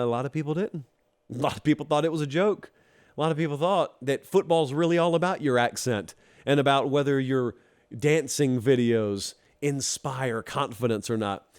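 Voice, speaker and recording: A man from Georgia hosting a college football show, talking straight to the fans in a teasing, animated monologue. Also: mid-range voice, moderate pace, smooth. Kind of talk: casual opinion monologue.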